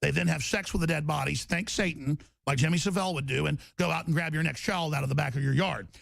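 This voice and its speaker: A man hosting a radio talk show, delivering an intense, stammering rant that bursts into shouting. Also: fairly high pitch, quick pace, creaky, no room sound.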